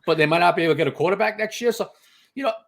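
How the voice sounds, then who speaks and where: A man's voice: high voice, racing, vocal fry, fairly bright tone. A man, a guest insider on a sports podcast, talking emphatically and telling stories with lots of "you know" and "okay". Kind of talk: casual sports podcast chat.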